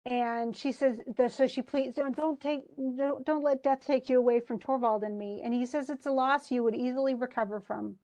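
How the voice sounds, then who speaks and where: A woman's voice: high-pitched, steady tone, moderate pace, few pauses, dark tone. A woman teaching a literature class, chatting about a play and reading lines aloud with frequent laughs. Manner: chatty, reads quotes aloud, laughs often.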